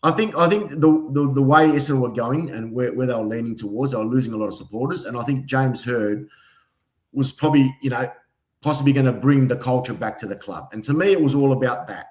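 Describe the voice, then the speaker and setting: A fast-talking Australian man at a mid pitch rambles through his points, stumbling and repeating words as he argues back. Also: roomy sound. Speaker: podcast co-host. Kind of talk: heated footy banter.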